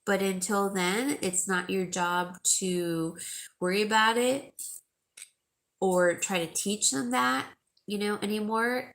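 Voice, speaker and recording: Her voice is mid-range and a bit bright. She is a middle-aged woman running a live jewelry sale, chatting casually and emotionally with viewers and naming them as she goes.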